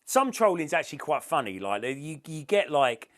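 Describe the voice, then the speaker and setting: Man, blunt sweary podcast chat, slightly high voice. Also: big pitch swings, normal speed, fairly bright tone. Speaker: podcast co-host. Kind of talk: casual chat.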